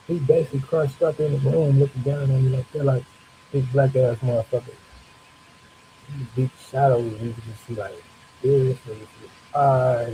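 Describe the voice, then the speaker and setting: A man recounts an eerie experience in a loose, cursing, conversational way, acting out his own startled reactions. His voice is mellow and dark. A faint hiss runs under the recording. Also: mid-range voice, low-quality recording. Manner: loose, profane, animated retelling with acted-out reactions. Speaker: storyteller. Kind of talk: casual storytelling livestream.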